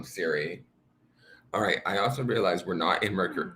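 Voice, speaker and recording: A man with a deep voice streams a tarot reading from his home altar. His tone is bright and forceful. He talks to his viewers in a loose, meandering way. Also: moderate pace. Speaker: tarot reader.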